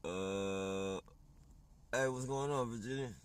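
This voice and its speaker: A man's voice: mid-range voice, slow, clean tone. A man chatting casually on a livestream, rambling and swearing, often laughing as he talks.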